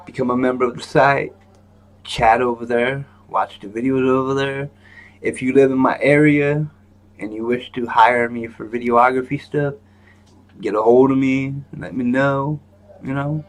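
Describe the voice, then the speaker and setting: A man hosting a live stream in a rambling, joking manner, with lots of fillers and restarts. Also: mid-range voice. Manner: joking, self-mocking. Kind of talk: casual live-stream chat.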